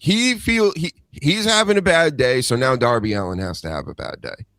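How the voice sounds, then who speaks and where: A man on a podcast rants with lively swings in pitch and a bright, forceful edge to his voice. He swears freely and sounds dry and close to the mic. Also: moderate pace, dry recording. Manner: profane, animated ranting. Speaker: podcast host. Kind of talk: casual podcast chat.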